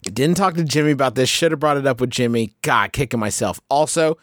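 Male podcast co-host, excitable rambler, mid pitch, dry close mic. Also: a little fast, dry recording. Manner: rambling and excitable, full of restarts. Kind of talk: casual comedic chat.

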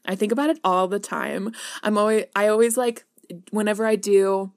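A woman co-hosting a casual pop-culture podcast, recorded dry and close. She gushes enthusiastically, giggles often, and strings her thoughts together with lots of "like." Her voice sits at an ordinary pitch for a woman. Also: moderate pace, no room sound. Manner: gushing, giggly, many "like" fillers. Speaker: podcast co-host.

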